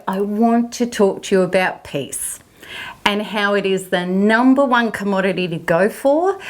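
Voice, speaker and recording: Amused woman telling a story. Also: mid-range voice. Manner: lively, amused storyteller who laughs as she talks. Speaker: host of a recovery channel. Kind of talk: casual storytelling into a self-help talk.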